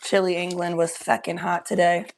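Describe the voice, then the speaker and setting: A young woman hosting a casual livestream from her room at home, talking loosely, high and coughing from smoke. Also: monotone, moderate pace, gravelly, a little hiss or hum. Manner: loose, chatty, often coughing between lines. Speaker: livestream host. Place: home bedroom.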